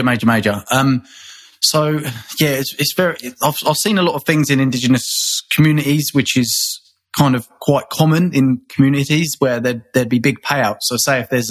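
A man from England, a guest in an interview, talking conversationally in a rambling way, with many restarts and repeated words. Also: medium pitch.

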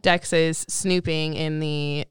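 A woman's voice: low-pitched, flat delivery, takes it slowly, clear, resonant tone, dry recording, clean studio sound. A woman co-hosting a casual podcast, chatty and explaining at length with frequent laughs. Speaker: co-host.

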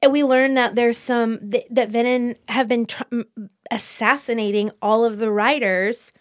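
High-voiced woman chatting about books. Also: normal speed, dry recording, clean studio sound. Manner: animated, rambling with restarts. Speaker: podcast co-host. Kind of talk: casual book chat.

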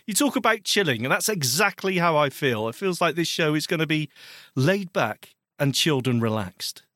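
A British man with a bright, fairly high voice, teasing his co-host with theatrical, mock-posh flair. His pitch leaps around expressively, recorded close and dry. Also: lively intonation, normal speed, dry recording. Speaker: podcast co-host. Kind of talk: casual chat.

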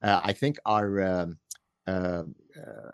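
A man's voice: low-pitched, steady tone, slow pace, smooth, no room sound, clean studio sound. A middle-aged man from Canada, a guest author on a podcast, talking in a wandering way with lots of restarts and wry humor. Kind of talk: conversational interview.

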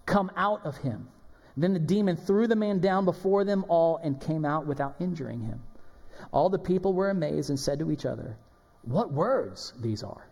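A man preaching a sermon as pastor, animated and emphatic, acting out the people in the passage. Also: sits high. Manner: animated, emphatic preaching with dramatic quoted voices. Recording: long hall reverb.

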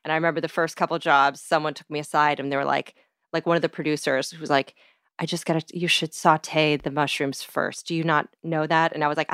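Low fry-y woman guest, chatty, lots of "like", dry sound. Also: level tone, a little fast, fairly bright tone, no room sound. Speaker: podcast guest. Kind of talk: casual chat.

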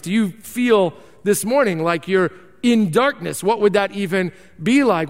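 A man preaching a sermon, reading scripture and then telling animated stories with emphatic repetition. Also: high-pitched, smooth, in a large hall. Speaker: pastor.

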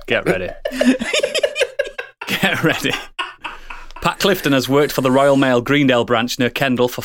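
Man, comedy podcast, swearing, laughing, mid-pitched, dry close mic. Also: fairly bright tone, clean tone, dry recording. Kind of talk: comedic storytelling chat.

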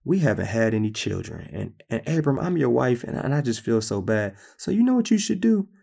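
A man's voice: medium pitch, very animated, fairly quick, creaky, mellow, husky, full character voice. A man voicing Sarai as a sassy, scheming older wife who bosses her husband. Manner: sassy, bossy complaining.

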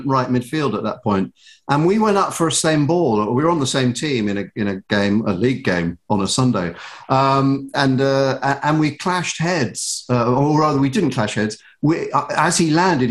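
A man spins self-deprecating stories as a guest on a chat show. His voice sits in a middle register, and he talks in an animated way, tripping over his words and restarting often. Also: medium pitch, normal speed. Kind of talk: anecdotal storytelling.

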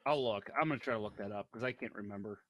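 A man's voice: fairly low pitch, very fast, no room sound. A man co-hosting a casual hockey podcast, swearing freely and acting out his rants. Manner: animated, swearing, acts out rants. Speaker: podcast co-host.

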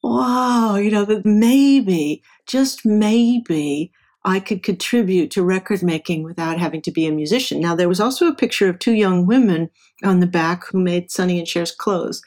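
Reflective middle-aged woman, lower voice. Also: a little fast, darkish tone. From Southern California. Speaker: interview guest, engineer and professor. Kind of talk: casual storytelling.

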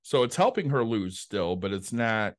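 A man's voice: fairly low pitch, very animated, moderate pace. A man co-hosting a podcast in casual chat, telling blunt stories and swearing freely. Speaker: podcast co-host.

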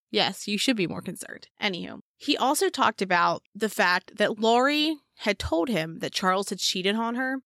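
A woman's voice: mid-range voice, fairly bright tone, no room sound, clean studio sound. A woman co-hosting a casual true-crime podcast, blunt and emphatic, swearing freely. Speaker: podcast co-host.

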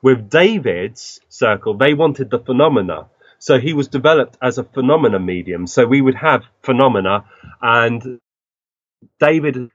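Man telling animated stories. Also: mid-range voice, normal speed, dry recording. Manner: animated anecdotes, acting out quoted voices. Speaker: guest medium. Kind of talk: interview storytelling. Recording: dull, dry lo-fi recording.

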